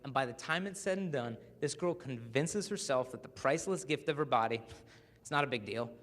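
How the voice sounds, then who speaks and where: A man giving a public talk to a live audience, telling stories in a lively way and acting out the people he quotes. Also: medium pitch, brisk. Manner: lively storyteller who acts out the people he quotes. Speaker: speaker. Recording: long reverb of a large hall.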